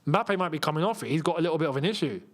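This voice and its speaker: A man's voice: a little high, lively intonation, very fast. A young man hosting a live football watchalong, chatting casually, laughing often and reading viewer comments aloud.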